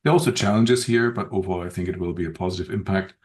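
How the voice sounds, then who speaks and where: A man speaking as a podcast guest in an unscripted conversation, thoughtful and measured, with frequent pauses and restarts. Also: deep voice, darkish tone. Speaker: podcast guest, open-source community director.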